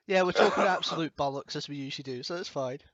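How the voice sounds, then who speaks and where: A man's voice: fairly high pitch, moderate pace, fairly bright tone, dry recording. A man hosting a casual stream, chatty and wry. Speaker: streamer host. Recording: dry, slightly muffled mic.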